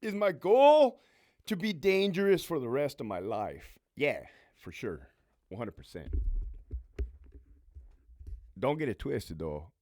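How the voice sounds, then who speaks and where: Blunt, profane man in his thirties, lively voice. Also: mid-range voice, unhurried, pauses often, dry recording, studio quality. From Southern California. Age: 30s. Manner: blunt and heavily profane, animated. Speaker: podcast host and former prison lieutenant. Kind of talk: casual Q&A storytelling.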